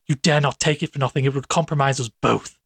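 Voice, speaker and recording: A man voicing a smooth, domineering male doctor who talks in a persuasive, coaxing way. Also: mid-range voice, steady tone, fast talker, no echo.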